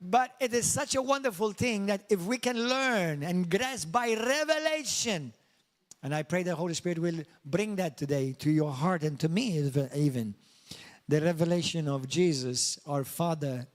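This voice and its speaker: A man's voice: on the high side, animated, a little slow. A middle-aged man from Malta preaching a sermon and praying, fervent, often repeating praise words and leading his congregation in call-and-response. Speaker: pastor. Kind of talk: sermon with prayer.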